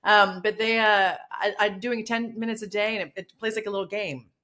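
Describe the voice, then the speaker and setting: A woman's voice: mid-range voice, steady tone, brisk, bright, forceful tone. Chatty woman rambling on a podcast. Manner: chatty, rambling, many fillers and restarts. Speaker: podcast co-host. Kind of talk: casual chat.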